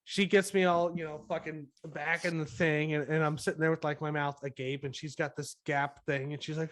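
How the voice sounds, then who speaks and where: A tipsy man co-hosting a loose podcast chat tells an anxious, sarcastic story. His voice sits high and lively, and he swears as he goes. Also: moderate pace. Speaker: podcast co-host.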